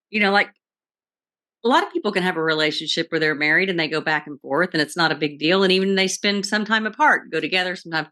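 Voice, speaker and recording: A woman with a bright, forceful voice co-hosts a casual recap podcast. She retells scenes eagerly and acts out other people's lines. She speaks at a middle pitch. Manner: animated storyteller, acts out quotes. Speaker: podcast co-host. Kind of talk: casual chat recapping a TV show.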